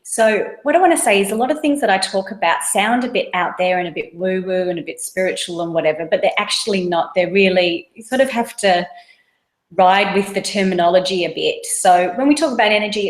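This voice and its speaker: A woman, a mother in her thirties, earnestly explaining mindfulness in a casual webinar talk, using everyday examples. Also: mid-range voice. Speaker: mindfulness course guest. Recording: roomy echo.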